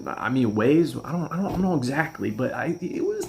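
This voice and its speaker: A man's voice: medium pitch, animated, moderate pace, creaky, a little hiss or hum. A man casually telling a personal story, rambling and chuckling as he goes. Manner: rambling, chuckling, restarts often.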